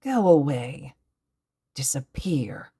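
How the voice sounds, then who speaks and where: A woman voicing a bitter young male villain leader who is falling apart, speaking in a hushed mutter. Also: deep voice, big pitch swings, slow pace, slightly rough, heavily acted.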